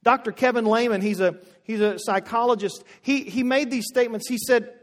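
Male pastor, high voice, emphatic sermon delivery, long hall echo. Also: steady tone, a little fast. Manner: emphatic, repeats phrases, swings from loud to hushed.

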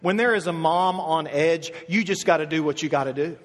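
A male pastor preaching a sermon, telling an animated story with many asides and restarts. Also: on the high side, fairly quick. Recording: echoey hall with long reverb.

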